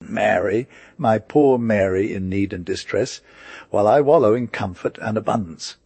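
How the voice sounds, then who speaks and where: A man's voice: on the low side, moderate pace, a little mellow, breathy edge, no room sound. A man reading as a tearful older stepmother. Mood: urgent. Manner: emotional, pleading. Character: older woman, grief-stricken, remorseful stepmother. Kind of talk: audiobook character reading.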